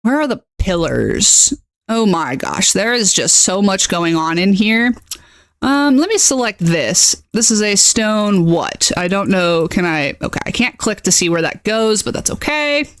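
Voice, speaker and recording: A woman at mid pitch hosts a casual live-stream tutorial as a game master. She talks in a chatty, excitable way, reacting aloud as she works and tagging her lines with "okay?". Her voice sounds dry and close, with no room echo. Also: unhurried.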